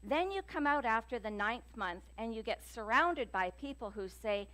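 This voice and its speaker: A woman minister giving a sermon in a church, telling stories in a chatty, lively way with many fillers. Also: on the high side, normal speed, few pauses. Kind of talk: sermon with jokes and readings. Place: church sanctuary.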